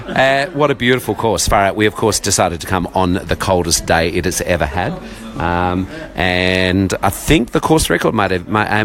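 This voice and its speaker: A man's voice: fairly low pitch, fairly bright tone. An Australian man giving a casual roving report from a parked car, chatty and jokey and full of fillers. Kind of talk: casual on-the-road vlog report.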